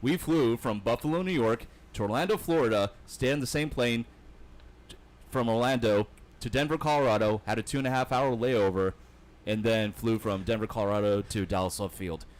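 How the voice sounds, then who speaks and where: Man, podcast host, casual chat, medium pitch, swears lightly. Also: a little fast. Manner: laughs often, swears casually.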